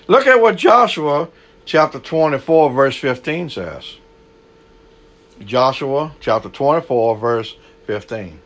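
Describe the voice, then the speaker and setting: A man preaching a sermon, swinging between loud, raised bursts and low, quiet asides. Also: animated, takes it slowly.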